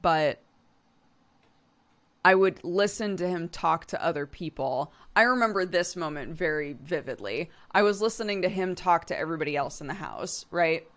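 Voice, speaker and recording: Young adult woman, casual stream chatter, low register, bright edge, laughs often. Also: expressive, normal speed. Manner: chatty, laughs a lot, many fillers. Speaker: streamer reading chat. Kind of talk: casual chat.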